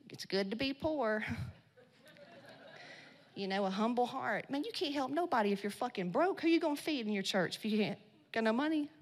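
A woman giving a blunt, profane motivational talk to a live audience at a women's business event. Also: on the high side. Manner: blunt, swearing, slangy and loud in bursts. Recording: long hall reverb.

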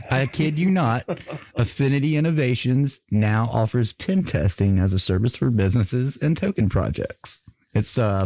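A man's voice: lowish voice, a little mellow, no room sound, studio quality. A man hosting a casual podcast chat, joking, swearing freely and laughing often. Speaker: podcast host.

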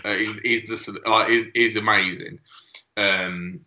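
A man's voice: on the low side, fairly even intonation, measured pace, pushed and bright. A man co-hosting a podcast, chatting casually and rambling with restarts and laughter. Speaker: podcast co-host. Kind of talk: casual chat. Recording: echoey room, dull lo-fi sound.

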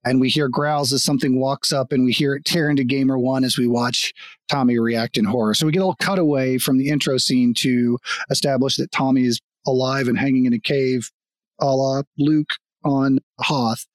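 A man's voice: medium pitch, steady tone, normal speed, dry recording. Profane man recapping an episode, dry sound. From Kansas. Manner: loose, profane, laughs while talking. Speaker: podcast co-host. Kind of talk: casual chat recapping a TV episode.

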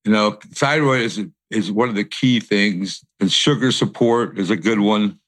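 A man hosting a casual interview, conversational and quick with short affirmations. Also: on the low side, fairly bright tone, dry recording. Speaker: podcast host.

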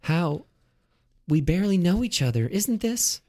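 A man's voice: sits high, sing-song, measured pace, a little mellow, pitched above the performer's own voice. A man voicing an earnest, lonely young woman who loves her horse, reading melodramatic romance lines. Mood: flustered.

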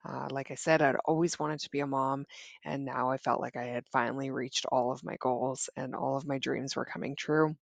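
A woman, a guest, tells her own story in a halting way, with many restarts and fillers. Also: extremely low pitch, fairly even intonation, creaky, dry recording. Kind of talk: personal storytelling.

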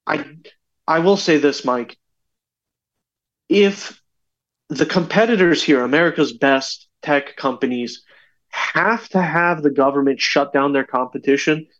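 A man talks at an ordinary pitch, telling stories with animated, acted-out voices. His audio comes through a little dull and lo-fi, as over a video call. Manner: animated storyteller, acts out voices. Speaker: podcast guest. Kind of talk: casual chat.

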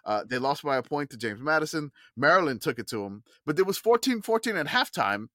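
A man's voice: a little high, big pitch swings, brisk, sharp tone, dry recording. Podcast co-host, male, rambly and self-correcting, dry close-mic sound. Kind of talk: casual sports chat.

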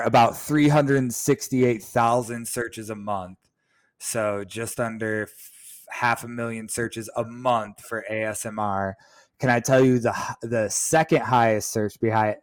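A man co-hosting a casual chat show, joking and teasing as he keeps pressing his point. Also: mid-range voice. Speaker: podcast co-host.

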